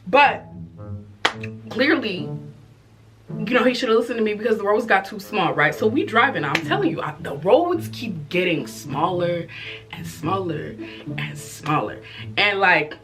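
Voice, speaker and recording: A woman telling a personal story in a casual vlog, expressive and animated, with frequent cussing and asides to the audience. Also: mid-range voice, unhurried, pauses often, over music. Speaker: vlogger.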